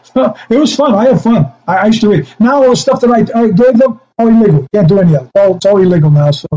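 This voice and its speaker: A man's voice: high-pitched, fast, mellow, lo-fi sound. An older man, a former coach, telling rambling stories in a casual interview, with chuckles and self-interruptions. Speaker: guest, former special teams coach.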